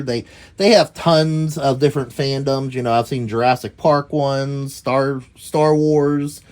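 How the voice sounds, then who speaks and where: A middle-aged man hosting a casual product review video, rambling with frequent ums and uhs and restarts. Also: mid-range voice. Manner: rambling, filler-heavy with frequent um and uh. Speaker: YouTube host reviewing merchandise.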